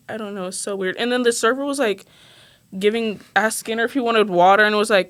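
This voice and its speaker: A woman's voice: medium pitch, brisk. A young woman co-hosting a podcast, telling a story in casual chat, laughing often and filling her speech with "like". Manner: animated, laughing, says "like" constantly. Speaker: podcast co-host.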